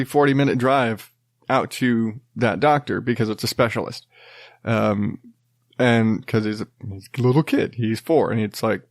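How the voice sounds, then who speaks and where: A man's voice: mid-range voice, no room sound, clean studio sound. A man in his thirties hosting a casual solo podcast, rambling and self-deprecating, laughing and swearing as he talks. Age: 30s. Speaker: podcast host.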